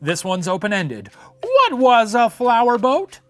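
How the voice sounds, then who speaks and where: A man's voice: huge pitch swings, unhurried, a bit bright, no room sound, full character voice. A man doing a flamboyant puppet professor. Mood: storytelling. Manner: theatrical and singsong, big swoops in pitch. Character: flamboyant puppet history professor, male, theatrical. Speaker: host playing a puppet professor. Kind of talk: comedic scripted history lesson.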